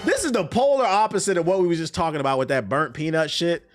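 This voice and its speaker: A man streaming live, giving casual, profane, animated commentary on news, his voice a bit tired. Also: a little high, quick pace, faint music behind.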